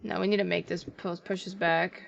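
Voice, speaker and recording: A woman's voice: on the low side, level tone, normal speed, creaky, muffled recording. A young woman streaming a game live, chatting casually over voice chat with dramatic, squeamish exclamations. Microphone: desktop mic on voice chat.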